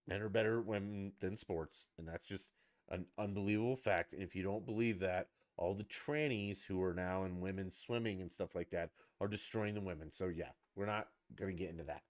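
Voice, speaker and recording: A man's voice: low voice, normal speed, dry recording, clean studio sound. A middle-aged man ranting casually as a podcast host, blunt, mocking and profane.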